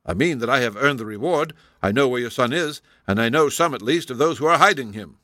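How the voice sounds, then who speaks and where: A man voicing a cold, precise male detective in an audiobook, measured and inexorable. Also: medium pitch, expressive, pushed and bright, no room sound, studio quality. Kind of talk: audiobook character voice.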